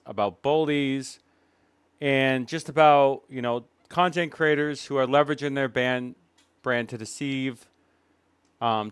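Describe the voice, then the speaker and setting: Emphatic man with a smooth, dry voice. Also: medium pitch, a bit bright, no room sound. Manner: emphatic, indignant, with dramatic pauses. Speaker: commentary YouTuber. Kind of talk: reaction commentary.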